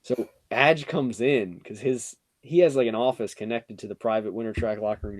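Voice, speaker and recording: A man's voice: normal speed, hardly any pauses, no echo. A young man casually telling a funny story on a podcast, acting out quotes and using lots of fillers. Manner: animated, acts out quotes with rising pitch, filler-heavy "like".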